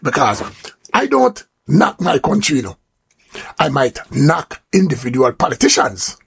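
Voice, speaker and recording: A man's voice: mid-range voice, huge pitch swings, measured pace, creaky, a bit bright, husky. A Jamaican man hosting a radio talk show, delivering an emphatic, conversational monologue full of "you know".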